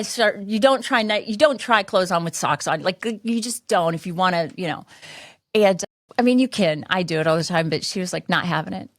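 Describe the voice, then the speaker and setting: A woman's voice: lowish voice, fairly quick, dry recording, studio quality. A woman in her fifties hosting a podcast, telling a candid personal story in a rambling way with many restarts and fillers. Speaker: podcast host.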